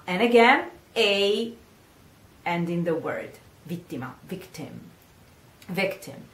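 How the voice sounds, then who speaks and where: Italian-accented woman singing teacher, slow and patient coaching, echoey room. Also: on the low side, big pitch swings. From Italy. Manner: slow, patient, repeats words for practice. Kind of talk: pronunciation lesson.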